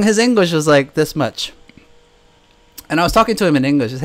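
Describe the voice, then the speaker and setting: A man's voice: on the high side, animated, quick pace, pauses often. A man answering viewer questions in a casual live chat, telling stories and laughing often. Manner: chatty storytelling, laughs often.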